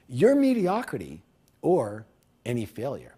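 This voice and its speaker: Animated middle-aged male motivational speaker. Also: fairly high pitch, measured pace, breathy edge. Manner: emphatic, swings between loud punches and hushed lines. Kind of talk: motivational speech.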